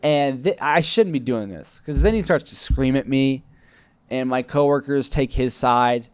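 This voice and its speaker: A young man's mid-range voice comes through clear and resonant, with no echo, as he speaks at an unhurried pace. He's a vlogger rambling through a story from his work life, self-critical, voicing the quoted lines in a casual storytelling monologue.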